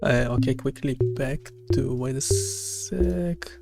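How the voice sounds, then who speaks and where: A man developer streaming live, talking casually and haltingly as he thinks aloud, with many fillers. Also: medium pitch, creaky, loud music behind the voice.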